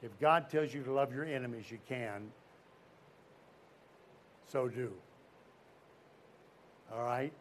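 A man preaching a sermon to young people, telling a story and asking the crowd questions, swinging from loud emphasis to quiet. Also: mid-range voice, slow, long pauses, slight background noise.

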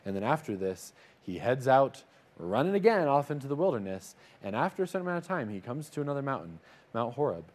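A man's voice: mid-range voice, very animated, fast talker. A man telling a Bible story in a casual, conversational way, slipping into little acted-out voices for the characters. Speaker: Bible teacher.

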